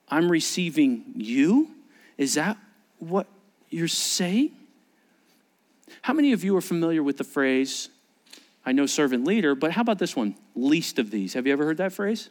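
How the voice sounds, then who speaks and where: A man's voice: a little high, big pitch swings, measured pace. A man preaching a sermon as a pastor, talking conversationally, asking rhetorical questions and acting out quoted speech. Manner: acts out quoted speech in varied voices.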